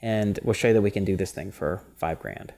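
A man co-hosting a casual podcast chat, animated and rambling, often breaking into laughter. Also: fairly low pitch, a little fast. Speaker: podcast co-host.

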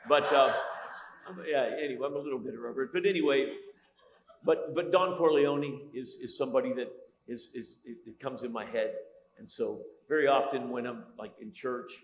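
A middle-aged Italian-American pastor preaches a humorous sermon, joking and telling stories with many restarts. His medium-pitched voice moves a little fast, and the recording of the large church hall is echoey, with a little hiss or hum.

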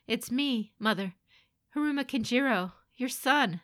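A woman's voice: on the high side, expressive, unhurried, a bit bright, pitched above the performer's own voice. A woman voicing a desperate young man pleading with his mother, raised and stammering. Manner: rising, stammering, frantic pleas.

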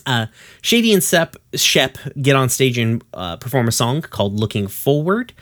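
A man summarizing a cartoon episode for a podcast in a loose, casual way. He drops curses and laughs as he narrates. His voice sits at an ordinary pitch. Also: sing-song, moderate pace, fairly bright tone. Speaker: podcast co-host recapping episodes.

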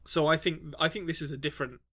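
A man co-hosting a casual podcast chat. His voice sits a little high and sounds bright and forceful. He talks in loose bursts, full of "um" and restarts. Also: fairly even intonation, fast talker. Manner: hesitant, many restarts and fillers. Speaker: podcast co-host.

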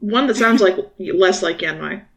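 A woman's voice: medium pitch, normal speed, slight background noise, rough recording. A woman co-hosting a podcast, tossing in wry, teasing quips. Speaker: podcast co-host. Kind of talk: casual chat.

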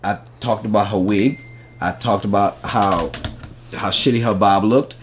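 A man's voice: a little slow, slight background noise. A man co-hosting a podcast, a stand-up comic telling a story in a casual, profane way, acting out the people in it. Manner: animated, profane, acts out quotes in a high voice.

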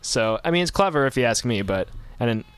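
A man's voice: mid-range voice, expressive, a little fast, clean tone, dry recording. A man hosting a podcast, chatting casually and telling rambling stories with frequent self-corrections. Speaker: podcast host. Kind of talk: casual chat.

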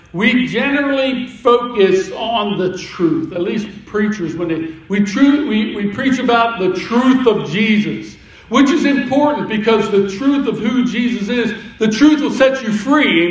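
A man preaching a sermon as pastor, in a conversational way with repetitions and asides. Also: sits high. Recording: echoey room, voice from a distance.

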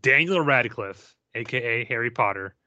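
A man's voice: mid-range voice, lively intonation, normal speed, bright, forceful tone, no echo, dull audio. A man co-hosting a casual podcast discussion, opinionated and given to mock rants. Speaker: podcast co-host.

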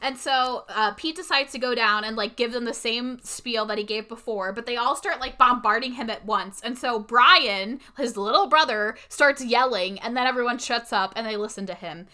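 A woman's voice: fairly high pitch, moderate pace, few pauses, bright, forceful tone. A woman co-hosting a casual chat, retelling a movie's plot and acting out the characters' lines. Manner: chatty, acts out character quotes. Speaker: podcast co-host recapping a movie.

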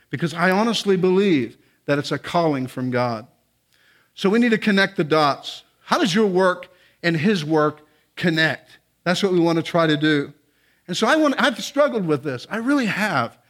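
A man's voice: on the high side, fairly bright tone. A man preaching a sermon to a church congregation, conversational and earnest, often restarting his sentences and building to emphatic appeals. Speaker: guest preacher. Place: church sanctuary.

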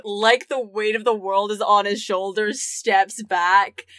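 A woman's voice: mid-range voice, fairly even intonation, slow, fairly bright tone, no echo. A woman narrating as game master in a casual, chatty way, full of fillers and laughter. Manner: chatty, giggly, lots of fillers. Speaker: dungeon master.

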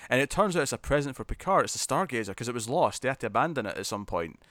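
A man's voice: medium pitch, sing-song, racing, few pauses, fairly bright tone, no echo. A man chatting casually as a podcast co-host, laughing and acting out characters' lines as he recaps an episode.

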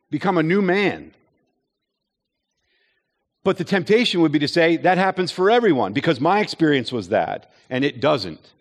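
Earnest man preaching a sermon. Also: a little high. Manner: earnest, rhetorical questions, acts out quoted voices. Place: chapel or hall with an audience.

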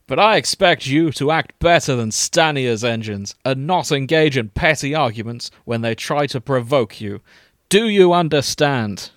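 A man's voice: medium pitch, expressive, a little slow, few pauses, dry recording, studio quality, pitched above the performer's own voice, lightly acted. A man voicing a stern elderly male engine designer with a clipped, theatrical English delivery. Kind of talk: comedic fanfic reading.

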